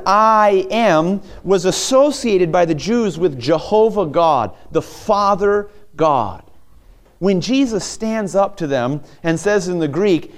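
Earnest preacher with a light tenor. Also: male voice, animated. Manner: earnest preaching, swings between soft low passages and raised emphatic ones; reads scripture aloud with drawn-out slow stresses. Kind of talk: sermon.

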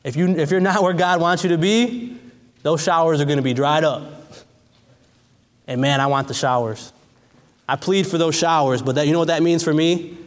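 A man's voice: on the high side, moderate pace, pauses often. Fervent man preaching in a reverberant hall. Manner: fervent, repeats phrases, casual asides. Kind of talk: sermon. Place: church in a large hall. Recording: long church hall reverb.

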